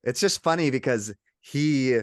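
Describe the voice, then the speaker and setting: Relaxed man, mid voice, dry sound. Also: mid-range voice, unhurried, no room sound. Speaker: podcast co-host. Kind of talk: casual chat reviewing a film.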